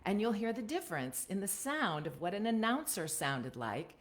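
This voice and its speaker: Over a webcam live stream, an American woman at medium pitch and moderate pace coaches voiceover in a relaxed, talkative way. Her pitch swings a lot, and she keeps closing her points with "right?"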